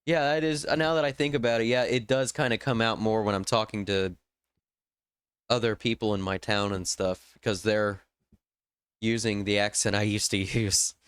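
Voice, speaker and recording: Young male streamer from Indiana, loose rambling chat full of ums, smooth clear voice, dry close sound. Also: fairly low pitch, fairly even intonation, normal speed, a bit bright, no echo. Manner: rambling, thinking aloud with fillers. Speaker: livestream host.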